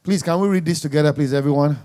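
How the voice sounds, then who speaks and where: A man preaching a sermon, emphatic and jabbing, dropping to quiet asides and rising to loud exclamations. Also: a little high, fast talker.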